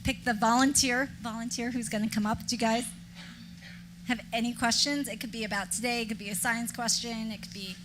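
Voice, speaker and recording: A woman's voice: on the high side, fairly even intonation, fairly quick. Cheerful woman hosting a live event. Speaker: event host. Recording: noisy event hall.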